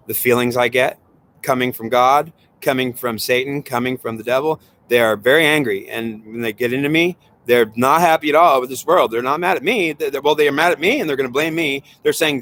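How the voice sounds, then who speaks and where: A man's voice: medium pitch, a bit bright. A man giving an impassioned spiritual monologue, talking in an agitated, rambling way that keeps circling back and repeating itself. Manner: agitated and rambling, with frequent repetition.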